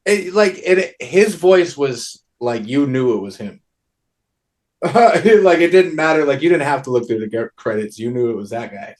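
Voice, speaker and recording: A man's voice: medium pitch, expressive, moderate pace. A man hosting an interview, chatting in an easygoing way and laughing often. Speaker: interviewer, host. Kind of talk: casual conversation.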